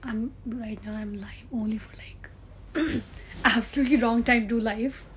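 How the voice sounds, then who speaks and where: A young woman talks with fans over a phone livestream. Her voice is hoarse and half gone, sitting a touch high, and she keeps laughing and dropping to a near-whisper. A faint hum of ambience sits behind her. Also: steady tone, measured pace, poor audio. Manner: chatty, laughing, drops to a near-whisper, switches languages mid-sentence. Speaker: film actress. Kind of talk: casual livestream chat with fans. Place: on a film set during a break.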